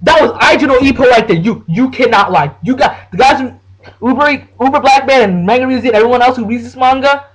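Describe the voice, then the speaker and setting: A man ranting casually about anime fights, excitable and profane, full of slang and restarts. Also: very high-pitched, a little fast, rough recording. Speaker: anime reviewer. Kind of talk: casual anime rant to the camera.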